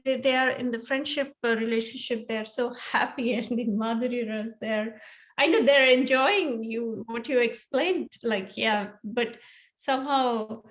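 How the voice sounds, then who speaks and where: A woman with a fairly high voice speaks up in a class discussion. She sounds hesitant, halting over her words and filling pauses with "um" and "like.". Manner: hesitant, searching for words, many fillers. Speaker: student asking a question.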